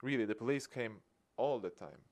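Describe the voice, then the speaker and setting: A man's voice: mid-range voice, normal speed. Swedish man telling a story. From Sweden. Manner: lively storyteller acting out dialogue with a chuckle. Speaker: activist speaker. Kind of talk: public talk.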